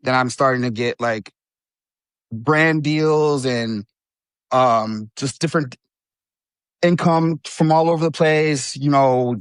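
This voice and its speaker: A man in his thirties, a bodybuilding champion talking casually as a guest in an interview, easygoing and quick to laugh. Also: mid-range voice, clean tone, dry recording. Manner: relaxed, laughs easily, says bro and you know.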